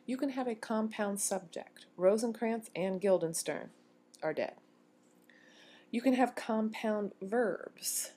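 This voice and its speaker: Woman lecturing on grammar, measured. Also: a little high, dark tone. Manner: clear, measured explanation, slowing to read quotes. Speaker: university English lecturer.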